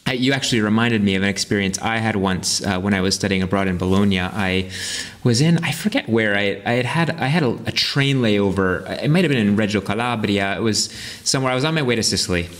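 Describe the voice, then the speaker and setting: Low, halting American man as guest. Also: a bit bright. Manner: hesitant, many restarts and fillers. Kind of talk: casual interview chat.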